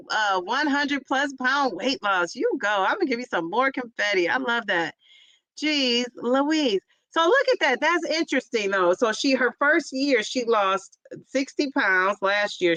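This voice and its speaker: This woman has a bright, forceful voice that sits a little high. She hosts a casual livestream and talks in a chatty, rambling way with lots of fillers. She cheers on her viewers effusively, and the sound is close and dry. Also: no room sound, low-quality recording. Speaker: livestream host reading viewer chat. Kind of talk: casual live chat.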